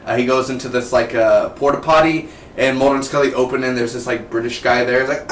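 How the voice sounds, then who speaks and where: A man giving a casual spoken TV episode review, rambling and excitable and drifting into tangents. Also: mid-range voice, fast, few pauses. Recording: roomy, distant mic, faint background noise.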